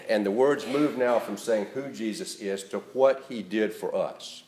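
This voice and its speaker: A male pastor giving an earnest, emphatic sermon that rises in stress and then drops to a soft, quiet close. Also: on the low side, unhurried, roomy sound. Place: church.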